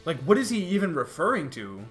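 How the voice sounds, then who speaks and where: Lively young man chatting casually. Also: fairly high pitch, fairly quick, faint music behind. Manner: animated, restarts often, laughs between points. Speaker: youtube host. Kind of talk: casual chat.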